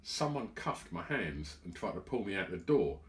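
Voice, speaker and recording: Low-voiced man telling a story. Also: very animated, normal speed, fairly bright tone. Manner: rambling storytelling, acts out quotes. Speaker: podcast co-host. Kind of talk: casual chat.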